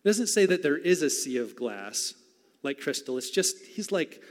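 A man preaching a conversational sermon, animated and swinging between loud exclamations and soft whispers. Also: fairly high pitch, normal speed. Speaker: pastor. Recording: long hall reverb.

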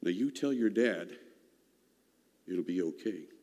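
A kindly old country storekeeper drawls along in homespun talk, as a storyteller puts him on. The tone is mellow and dark, and a long reverb hangs around the voice as if in a hall. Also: male voice, low-pitched, lively intonation, slow pace, pitched below the performer's own voice, heavily acted.

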